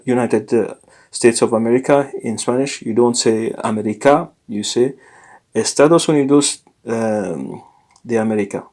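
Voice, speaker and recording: Man teaching a lesson, halting and self-correcting. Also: mid-range voice, darkish tone. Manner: unscripted, self-correcting, frequent fillers and restarts. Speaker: language teacher. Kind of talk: informal recorded lesson.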